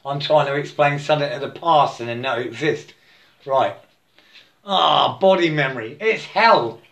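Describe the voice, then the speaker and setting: A man giving a halting, repetitive spiritual monologue, breaking into chanted mantras and laughing to himself. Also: a little high, creaky, a bit bright.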